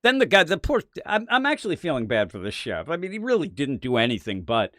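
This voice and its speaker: A middle-aged man hosting a podcast in casual chat, retelling scenes with animated little acted bits. His voice sits a bit high and swings around a lot. The sound is close and dry. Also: fast talker, no room sound. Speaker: podcast host. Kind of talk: casual comic book review chat.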